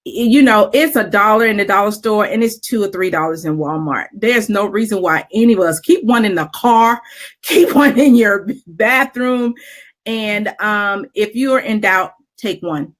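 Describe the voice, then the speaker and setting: Speaking in a mid-range voice at a moderate pace, a middle-aged woman recounts something personal in casual chat. She comes across as open and animated, filling her speech with fillers and laughs.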